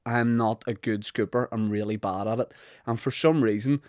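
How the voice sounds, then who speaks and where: A man's voice: mid-range voice, steady tone, normal speed, darkish tone, dry recording, clean studio sound. A Northern Irish man hosting a podcast, telling rambling, self-deprecating comic stories. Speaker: podcast host. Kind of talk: comic monologue.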